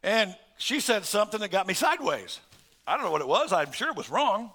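A man's voice: sits high, sing-song, fairly quick, husky. Emphatic middle-aged male preacher. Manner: emphatic, swings between loud stresses and soft asides; preaches in lists with chuckles. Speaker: pastor. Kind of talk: sermon.

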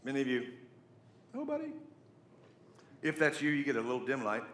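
A man's voice: medium pitch, racing, reverberant, slight background noise. A middle-aged man preaching a sermon, telling stories with jokey asides. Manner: storytelling, animated, jokey asides. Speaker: pastor.

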